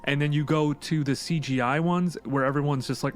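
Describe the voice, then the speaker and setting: A man's voice: fairly high pitch, steady tone, brisk, faint music behind. A man co-hosting a casual podcast, speaking bluntly and swearing freely. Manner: blunt, profane. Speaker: podcast co-host. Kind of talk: casual chat.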